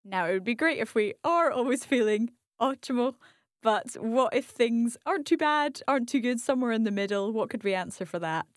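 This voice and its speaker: A woman's voice: fairly high pitch, expressive, fairly quick, no echo, clean studio sound. A woman as the learner co-host on a language lesson podcast, curious and chatty, asking questions and repeating new words.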